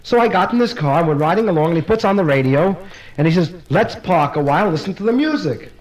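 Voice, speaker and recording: A man's voice: high voice, animated, quick pace, darkish tone, poor audio. A man voicing a young woman who recounts her story to a judge in a chatty run-on way. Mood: storytelling.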